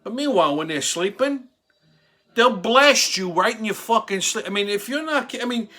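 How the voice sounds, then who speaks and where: At a moderate pace, this brash male host in his forties animatedly acts out quotes in a profane, crude comic story, cursing all the way. His voice sits high, bright and forceful.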